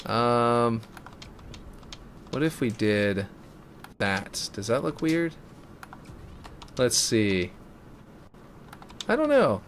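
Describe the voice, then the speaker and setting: A man's voice: medium pitch, fairly bright tone, a little hiss or hum. A man streaming a game map build live, chatting casually and thinking aloud in a self-mocking way.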